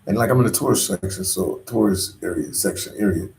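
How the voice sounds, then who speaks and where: A man's voice: low voice, fairly quick, vocal fry, a little mellow, reverberant, slight background noise. A man talking to viewers on a casual live stream, slangy and rambling. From Philadelphia. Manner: slangy and rambling, full of "like" and "you know". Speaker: travel vlogger on a live stream.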